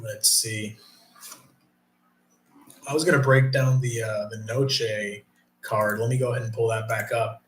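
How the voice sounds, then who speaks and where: A man's voice: lowish voice, fairly even intonation, measured pace, long pauses, fairly bright tone. Profane rambling male streamer, roomy echo. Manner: profane, rambling, reads chat aloud. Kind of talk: casual live stream chat.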